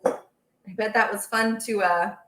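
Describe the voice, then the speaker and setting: A woman's voice: medium pitch, fairly even intonation, a little slow, roomy sound, noisy background. Chatty woman hosting a baking livestream. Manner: chatty, rambling, reads out viewer comments. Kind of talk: casual live-stream chat while cooking. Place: home kitchen.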